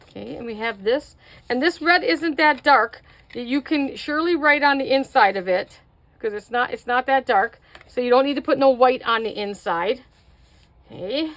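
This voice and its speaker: Middle-aged woman, fairly high voice, casual craft tutorial host, chatty and self-mocking. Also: moderate pace, fairly bright tone. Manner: chatty, self-mocking, talks to viewers while working.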